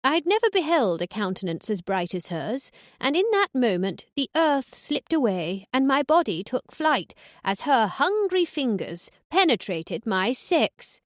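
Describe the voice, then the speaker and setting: A woman's voice: high voice, sing-song, unhurried, dry recording, voice pushed up. A woman voicing a blunt, foul-mouthed older woman who lives on a cruise ship, trading dry, crude put-downs in an audiobook. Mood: reading aloud. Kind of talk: audiobook dialogue.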